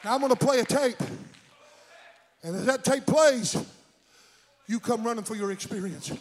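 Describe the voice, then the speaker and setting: A man preaching a sermon, telling a story in a hushed voice and then breaking into shouted exclamations. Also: extremely high pitch, normal speed, in a large hall, a faint crowd.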